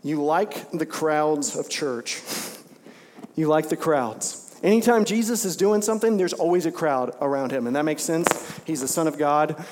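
A pastor preaching a sermon to his congregation in an animated way, acting out lines in different voices. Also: moderate pace, in a large hall, a little hiss or hum. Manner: animated preaching, acts out voices with big pitch jumps. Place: church sanctuary.

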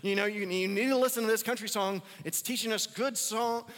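Conversational pastor in a reverberant hall. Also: male voice, sits high, steady tone, fairly quick, fairly bright tone. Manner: conversational, repeats phrases for emphasis. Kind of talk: sermon.

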